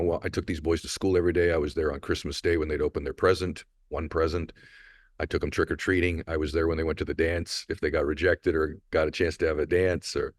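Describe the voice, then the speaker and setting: Middle-aged guy with a super deep voice, dry close mic, emotional heartfelt podcast storytelling. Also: dry recording. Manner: heartfelt, earnest, motivational. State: emotional, choked up. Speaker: podcast host.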